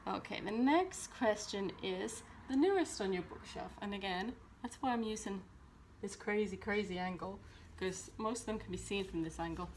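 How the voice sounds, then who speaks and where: A woman's voice: medium pitch, normal speed, few pauses, slight background noise. Chatty woman vlogging about books. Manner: chatty, rambling, with many ums and restarts. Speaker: book vlogger. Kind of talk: casual chat. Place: at home by her bookshelves.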